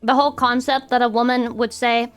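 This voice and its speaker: A young woman with a high voice chats casually with her stream viewers, playful and teasing. She breaks now and then into sudden squeaky outbursts. Faint music plays behind her. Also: flat delivery, a little fast. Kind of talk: casual chat reacting to viewers.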